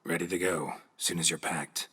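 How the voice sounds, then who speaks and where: Rich: a world-weary monster hunter from a video game, terse and sighing. The voice sits very low, with a bright, clipped edge and a slightly husky grain. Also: male voice, fairly even intonation, moderate pace, exaggerated voice. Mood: dry weary. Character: weary gruff male monster hunter, dry wit.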